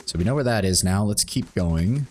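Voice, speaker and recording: Man, streamer, lowish voice, casual gameplay commentary, reads game text aloud. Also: lively intonation, normal speed, a little mellow, a little hiss or hum.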